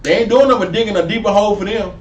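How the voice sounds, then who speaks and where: Male street preacher, high-pitched, caught on a distant mic in a roomy space. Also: racing, muffled recording, slight background noise. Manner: preachy, animated, sidewalk slang, rising to near-shouts. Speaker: street preacher teaching a class. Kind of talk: street Bible teaching.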